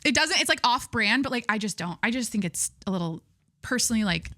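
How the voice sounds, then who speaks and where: A woman's voice: fairly high pitch, expressive, fast, pushed and bright, dry recording, studio quality. A young adult woman hosting her podcast, chatting in a rambling, candid way with lots of fillers and restarts, gushing and swearing casually. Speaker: podcast host. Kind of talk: casual chat.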